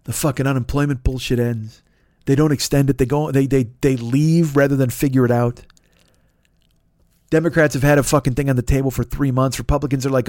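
High-voiced man in a profane rant. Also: brisk, darkish tone, no room sound, studio quality. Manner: profane, sarcastic, exasperated. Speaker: podcast host. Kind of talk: ranting monologue.

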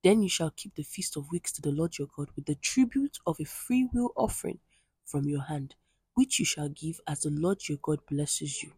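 Woman devotional reader, low husky voice, close dry mic, earnest scripture reading. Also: lively intonation, moderate pace, darkish tone, dry recording. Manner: earnest, conversational asides between readings.

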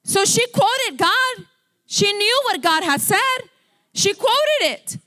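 Lady pastor preaching hard, high voice, really emphatic. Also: lively intonation, takes it slowly, bright, forceful tone. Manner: emphatic, fervent preaching, rising to commands. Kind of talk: sermon.

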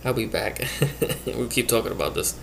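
A man hosting a one-man comic monologue about the workplace, chatting casually and acting out coworkers in quick quoted bits. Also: fairly low pitch, vocal fry, very noisy. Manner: chatty, acts out quoted coworkers, laughs at own stories. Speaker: one-man show host. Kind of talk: rambling comic monologue about work life.

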